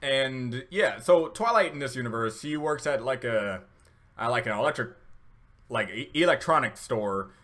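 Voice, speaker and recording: A man's voice: medium pitch, animated, moderate pace, a bit bright. A man hosting a casual reaction video, rambling with many fillers and restarts, and getting emotional at times. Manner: emotional, laughing through tears.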